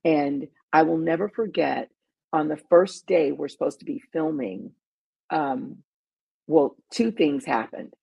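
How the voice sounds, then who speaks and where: A middle-aged woman hosting a talk show, telling a story in a casual, animated way with emphatic asides and restarts. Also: a little slow, no room sound, dull audio. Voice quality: deep, gravelly, very husky voice. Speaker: talk show host and panelist.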